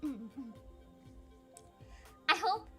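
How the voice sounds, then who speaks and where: A woman's voice: sits high, big pitch swings, extremely slow, soft background music. A young woman streamer chatting casually through a Q&A, giggly and self-deprecating, with lots of fillers. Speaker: vtuber streamer. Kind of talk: casual Q&A chat.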